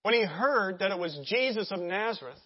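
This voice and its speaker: A pastor preaching in an animated, chatty way, with many asides and rhetorical questions to the congregation. The voice sits mid-range. The recording sounds slightly dull and lo-fi. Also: medium pitch, a little fast, slightly rough. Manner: animated, conversational, acts out scenes. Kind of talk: sermon.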